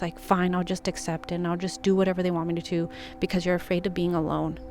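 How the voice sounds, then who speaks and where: A woman's voice: on the low side, a little mellow. A woman talking straight to camera with earnest, encouraging life advice, full of casual fillers, over faint background music. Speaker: intuitive advice vlogger. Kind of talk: casual heartfelt advice monologue.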